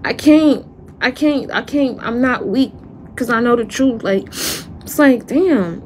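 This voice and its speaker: An upset woman talking through an emotional livestream monologue, her voice sitting fairly high. She speaks slowly and haltingly, repeating her words and drifting off into sighs. A faint hiss of noise sits under her voice. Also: a little mellow. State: upset and distressed.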